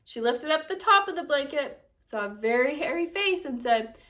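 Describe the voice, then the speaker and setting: Young female teacher, lively read-aloud, lightly distant home recording. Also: sits high, moderate pace. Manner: animated storytelling with expressive character voices. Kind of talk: reading a picture book aloud to children.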